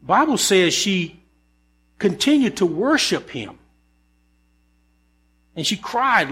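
A man preaching a sermon in a church, his voice pitched a little higher than most men's. He slips from easy, conversational storytelling into rising, emphatic rhetorical questions. A low mains hum runs under the recording. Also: very animated, slow, long pauses, bright, forceful tone, slightly rough. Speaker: pastor. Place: church sanctuary.

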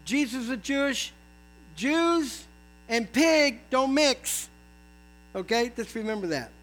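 A man's voice: extremely high pitch, expressive, slow pace, fairly bright tone, poor audio. A man preaching a sermon as pastor, telling stories with folksy asides to the congregation.

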